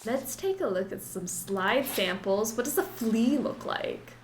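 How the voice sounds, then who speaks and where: A woman's voice: a little high, animated, measured pace, a little hiss or hum. Bubbly giggly woman streamer, echoey room. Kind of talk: live-stream chat while gaming.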